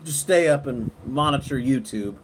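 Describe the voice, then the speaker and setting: A middle-aged man hosting a casual live stream at night, talking to viewers in a relaxed, rambling way and often restarting his sentences. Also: mid-range voice, moderate pace. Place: outdoors at night, windy, on a porch. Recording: wind noise on the mic outdoors.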